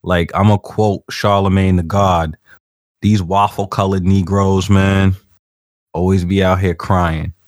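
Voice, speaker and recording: A man with a very low voice trades blunt, unhurried opinions with a friend. The recording is close and completely dry, with no echo. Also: little pitch movement. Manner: laid-back, blunt opinions. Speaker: podcast co-host. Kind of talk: casual chat.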